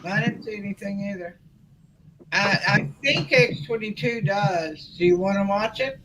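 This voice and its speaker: A podcast co-host in relaxed, casual chat. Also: medium pitch, normal speed, a crowd in the background, poor audio.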